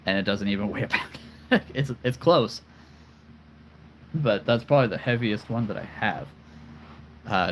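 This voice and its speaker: Slow-talking enthusiastic man, low voice. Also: fairly bright tone, slight background noise, poor audio. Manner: enthusiastic, repeats phrases, chuckles often. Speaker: host showing his toy figure collection. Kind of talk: casual livestream chat.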